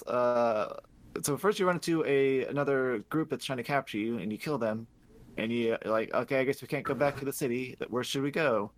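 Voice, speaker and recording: Give me a man with an average-pitched voice casually recapping a game's story on a podcast, loose and profane. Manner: rambling, profane, laughing, acts out characters in quick paraphrase. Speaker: podcast host. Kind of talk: casual recap of a video game plot.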